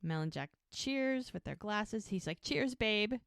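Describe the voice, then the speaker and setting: Woman, podcast co-host, smooth resonant voice, dry close sound, lively retelling. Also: mid-range voice, measured pace, no echo. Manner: lively storyteller who voices quoted lines. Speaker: podcast co-host recapping episodes. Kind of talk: casual chat, retelling scenes.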